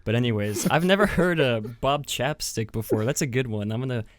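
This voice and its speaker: A man's voice: mid-range voice, brisk, noisy background. A man hosting a podcast in a casual, chatty, self-mocking way, often giggling at his own jokes. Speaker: podcast host. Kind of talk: casual chat. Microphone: webcam with mic.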